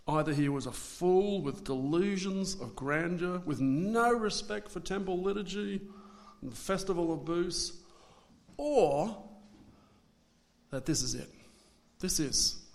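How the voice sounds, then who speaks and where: A man preaching a sermon, swinging between loud dramatic declarations and hushed asides. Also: fairly high pitch.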